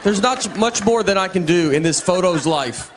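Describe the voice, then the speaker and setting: Male stand-up comic, somewhat high voice, dry and meandering delivery, faint noise in the background. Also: normal speed, crowd noise. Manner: deadpan, rambling, restarts his sentences. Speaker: stand-up comedian. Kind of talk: stand-up set before a laughing audience.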